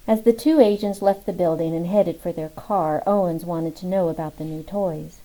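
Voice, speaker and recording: A woman reading a novel aloud in steady, even audiobook narration. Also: on the low side, normal speed, poor audio. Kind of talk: scripted narration.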